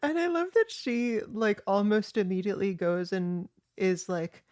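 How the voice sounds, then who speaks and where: A woman co-hosting a podcast, recapping scenes in a wry, expressive, casual way. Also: mid-range voice, normal speed, hardly any pauses. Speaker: podcast co-host.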